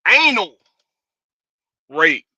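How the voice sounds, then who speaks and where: Hyped male host, high voice, dry close sound. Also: big pitch swings, very slow, bright, forceful tone, slightly rough, dry recording, muffled recording. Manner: hyped, drawling, repeats phrases. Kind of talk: casual livestream show opening.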